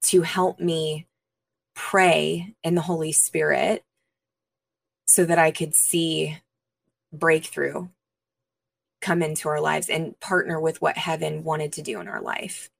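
Low, gravelly-voiced woman sharing a testimony. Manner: earnest, pausing with frequent fillers. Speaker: interview guest, minister. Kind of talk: personal testimony in an interview.

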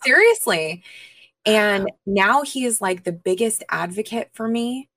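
A woman interview guest, a minister, earnestly telling her personal testimony with pauses and frequent fillers. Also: medium pitch, big pitch swings, fairly bright tone, no room sound.

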